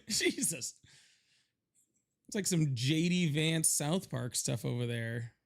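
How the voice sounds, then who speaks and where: A man's voice: fairly high pitch, a little slow, vocal fry. Chatty man hosting a livestream. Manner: loose, rambling, laughs often, reads donations aloud. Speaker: livestream host. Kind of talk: casual livestream chat.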